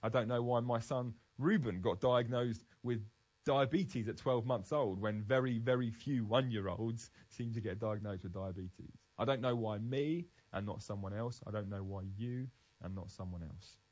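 A man's voice: medium pitch, moderate pace, darkish tone, dull audio. Earnest man teaching from the Bible. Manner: earnest, emphatic, with frequent restarts. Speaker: Christian speaker.

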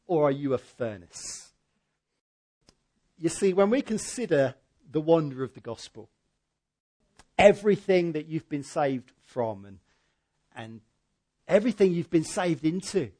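A man preaching a church sermon in a notably high voice. He is animated, rising to loud emphatic peaks and then dropping to soft, low asides. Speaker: pastor.

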